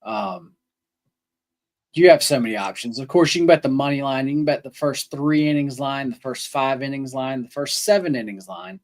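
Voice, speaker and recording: A man's voice: mid-range voice, moderate pace, a little mellow. Laid-back man rambling about bets. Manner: casual, rambling, many ums and restarts. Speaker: co-host. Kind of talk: sports betting podcast chat.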